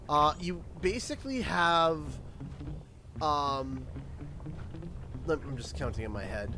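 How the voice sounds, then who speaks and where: A Canadian-accented man hosts a gaming livestream in loose, rambling chat, often restarting his sentences. His voice sits a little high, with a faint hiss of noise behind it. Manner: rambling, self-interrupting and laughing. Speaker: livestream host. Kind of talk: casual chat while gaming.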